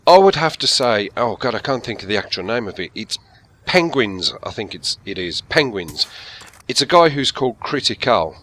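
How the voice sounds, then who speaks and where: A man's voice: mid-range voice, big pitch swings, moderate pace, sharp tone, a little hiss or hum. A man with a Birmingham accent, chatting candidly and rambling through a casual Q&A as a gaming channel host. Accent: Birmingham (Brummie). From England. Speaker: YouTube gaming commentator. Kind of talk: casual Q&A chat. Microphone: gaming headset.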